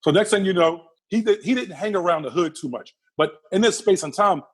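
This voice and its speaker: Talking fast in a husky, slightly high voice, a middle-aged man recounts vivid stories as a casual interview guest. He leans on repeated phrases for emphasis and performs the people in his tales.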